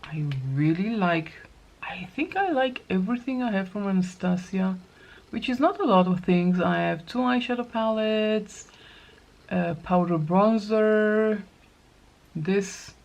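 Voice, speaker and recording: A woman's voice: medium pitch, measured pace, gravelly, a little mellow. A middle-aged woman chatting casually through a get-ready-with-me makeup routine, thinking aloud as she applies each product. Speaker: makeup vlogger.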